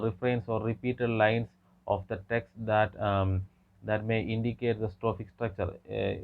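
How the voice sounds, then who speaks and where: A man giving an academic lecture, speaking haltingly with frequent hesitations and restarts. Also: lowish voice. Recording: tinny phone-like lo-fi audio.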